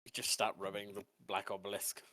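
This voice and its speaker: A game master narrating a tabletop game, describing scenes in a relaxed, joking way. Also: sits low, fairly quick.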